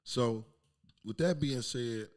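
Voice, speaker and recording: A middle-aged man hosting his own podcast, telling a raw, emotional personal story with plenty of profanity and sometimes dropping to a hush. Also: medium pitch, takes it slowly. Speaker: podcast host. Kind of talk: candid personal monologue.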